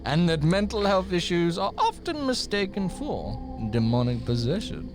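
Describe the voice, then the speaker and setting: A man putting on a slow, menacing masked villain. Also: sits high, very animated, music in the background, voice pushed up. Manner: slow, menacing put-on accent. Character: menacing masked male villain, grand and theatrical.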